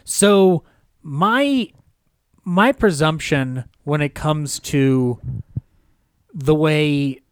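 A man's voice: a little high, very slow, long pauses, smooth, no room sound, studio quality. A man co-hosting a podcast, chatting casually about film history in a jokey way, laughing often. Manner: jokey, laughs often, throws in silly impressions. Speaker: podcast co-host.

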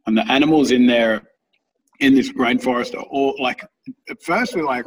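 Give me a rambling, husky man telling stories. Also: medium pitch, fairly even intonation, brisk, distant mic, low-quality recording. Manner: rambling, swears freely, laughs at own stories. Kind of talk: casual storytelling chat.

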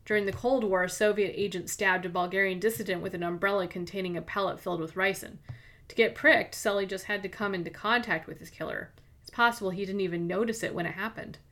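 A woman's voice: mid-range voice, fairly even intonation, quick pace, fairly bright tone, natural voice. A woman voicing an alarmed young woman sleuth in a read-aloud story, talking urgently. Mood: thoughtful.

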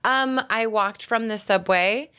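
A woman's voice: fairly high pitch, takes it slowly, bright, forceful tone, clean tone. A woman co-hosting a comedy podcast, chatting in a bubbly, playful, sing-song way. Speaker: podcast co-host. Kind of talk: playful casual chat.

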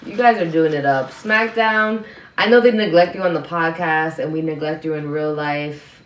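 A woman's voice: low voice, moderate pace. A woman co-hosting a podcast, enthusiastic and playfully teasing in casual chat. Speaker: podcast co-host. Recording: roomy, distant mic.

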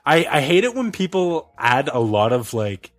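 A man hosting a casual group chat, joking around and quick to cut in with questions. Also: mid-range voice, big pitch swings, faint music behind. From Canada. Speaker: podcast host.

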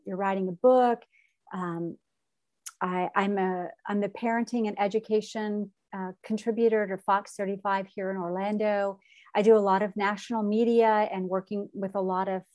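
A woman's voice: mid-range voice, dark tone. A middle-aged woman, a podcast guest telling an emotional personal story and acting out what others said. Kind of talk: conversational storytelling.

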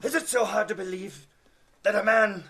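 An actor playing a lonely professor in a wheelchair who asks plaintively about finding love, heard as a distant film clip. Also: male voice, sits high, fairly even intonation, normal speed, bright, forceful tone, husky, heavily acted. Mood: wistful.

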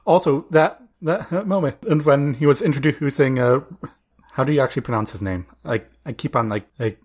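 Man, podcast co-host, husky voice, casual rambling chat, lots of restarts. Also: medium pitch, a little fast, a little mellow. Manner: rambling with many restarts and fillers.

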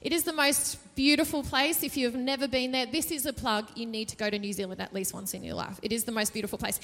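Woman pastor, jokey and conversational, high voice, reverberant hall sound. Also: steady tone, quick pace, fairly bright tone. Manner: chatty and jokey, asks the audience questions. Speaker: preacher. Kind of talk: sermon. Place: church stage.

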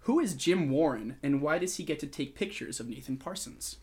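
A man's voice: a little high, expressive, a little fast, darkish tone, husky. Playful man hosting an interview. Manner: playful, jokey questioner. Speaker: podcast host. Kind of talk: casual interview chat.

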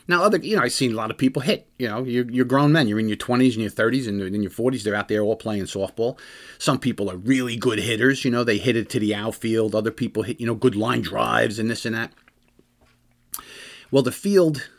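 A middle-aged American man telling stories in a loose, rambling monologue, full of fillers and restarts. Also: mid-range voice. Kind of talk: casual storytelling monologue.

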